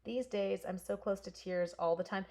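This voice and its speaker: A woman's voice: mid-range voice, normal speed, darkish tone. A woman in her forties from Canada hosting a casual live stamping stream, telling a long story while cutting paper and answering viewers by name.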